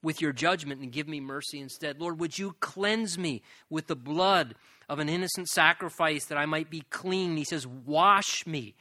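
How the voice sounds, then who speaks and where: A male pastor preaching a sermon in an earnest way, repeating phrases and slowing down to stress key lines. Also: a little high, pushed and bright, no room sound, studio quality.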